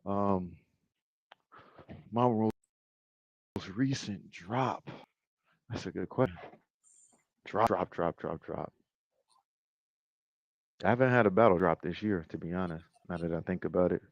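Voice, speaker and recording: Man, low voice, halting casual slang, dull lo-fi video call sound, dry. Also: dry recording. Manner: halting, restarts, laid-back slang. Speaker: interview guest, battle rapper and league owner.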